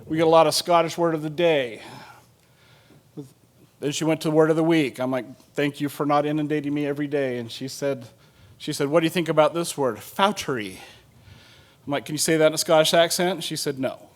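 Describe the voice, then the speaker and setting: A middle-aged man gives a conference panel talk in a relaxed, joking way, with plenty of ums and uhs. His voice sits a little high for a man. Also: a little fast. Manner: casual and joking, with many fillers. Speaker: state water agency planner presenting at a conference.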